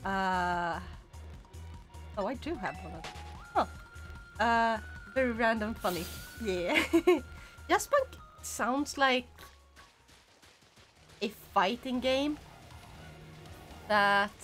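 A woman chats with her livestream audience as she plays, giggling often and reacting to the chat. Her voice sits a little high, and she talks at a slow, unhurried pace. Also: expressive, fairly bright tone, faint music behind. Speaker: game streamer. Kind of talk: casual livestream chat while playing.

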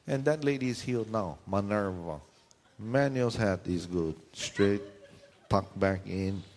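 A man preaching a sermon, telling a funny story and jumping into high squealing voices for the people in it. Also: measured pace. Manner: animated, jumps into high squealing voices for the people in his stories.

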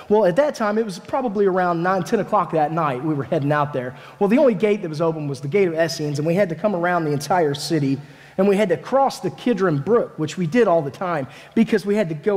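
A man, a families minister, preaching a sermon as a lively first-person story told in the voice of a disciple, with casual, dramatic phrasing. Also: high voice. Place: church sanctuary. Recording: echoey church hall.

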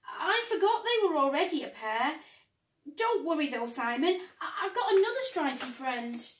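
A woman's voice: sits high, very animated, moderate pace, voice pushed up. A woman voicing an eager, cheerful male friend in a storybook, bouncy and full of ideas. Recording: roomy, distant mic.

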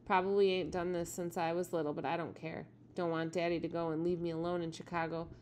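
A woman with a lowish voice reads a children's novel aloud to her students at a quick pace. Her steady, plain delivery is a teacher's storytelling, with faint noise in the background.

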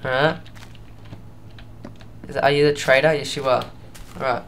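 Slow-talking young gamer guy. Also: medium pitch, fairly even intonation, a bit bright. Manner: rambling, unhurried, thinking aloud. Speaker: let's play gamer. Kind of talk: casual gameplay commentary.

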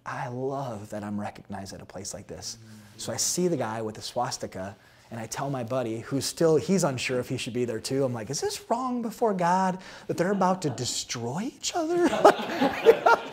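A man from South Dakota, a pastor, telling a story in an animated, expressive way and laughing at his own tales. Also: mid-range voice. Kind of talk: sermon-style storytelling talk.

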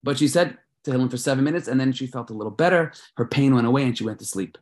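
A man hosting a children's prayer event, telling a story with dramatic swings between loud and soft. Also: medium pitch, rapid-fire. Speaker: host leading children in prayer.

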